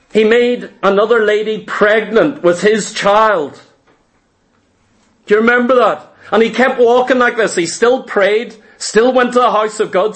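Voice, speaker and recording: A man delivering a fervent sermon with a notably high voice for a man. He tells scripture stories with drama, slipping into voices for the people he quotes. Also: a bit bright. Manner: dramatic storytelling preacher, acting out quoted voices. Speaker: preacher.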